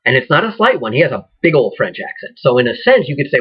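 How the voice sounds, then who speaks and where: Guy teaching acting, husky voice, lots of ums and restarts, kinda muffled lo-fi audio. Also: medium pitch, sing-song, quick pace. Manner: rambling, with many fillers and restarts. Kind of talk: casual lecture.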